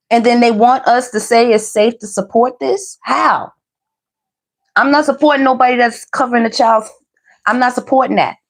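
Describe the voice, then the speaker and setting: Talking over clips she plays, a tarot and celebrity commentary host uses a fairly high-pitched voice at a moderate pace. She emphasizes what she says by repeating phrases.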